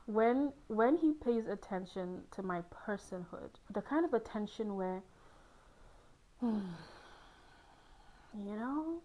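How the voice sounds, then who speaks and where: A woman's voice: on the high side, expressive, takes it slowly, long pauses, a little mellow, muffled recording. A young woman hosting, speaking candidly and playfully about love and relationships, laughing often. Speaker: host on a hot seat. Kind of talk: candid personal talk on love.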